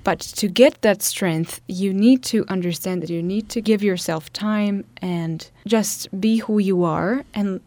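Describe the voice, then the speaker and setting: A woman hosting a podcast, talking casually and reflectively, pausing often with fillers as she thinks aloud. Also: mid-range voice, mellow, no echo. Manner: halting, thoughtful, many fillers. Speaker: podcast co-host.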